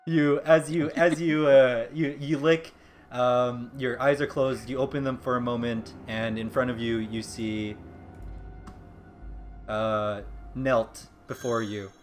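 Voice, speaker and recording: Guy dm telling the scene, lots of ums, normal pitch, soft music behind. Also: steady tone, slow. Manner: hesitant, full of ums and restarts. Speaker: dungeon master. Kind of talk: narrating a tabletop game.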